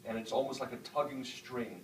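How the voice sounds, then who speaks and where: A middle-aged author from the northern U.S. talks to students in a university lecture hall, telling reflective stories full of "um"s in a lecture that includes audience questions. He speaks fairly quickly in a steady mid-range voice, captured from a distance in the echoey space with a bit of hiss or hum.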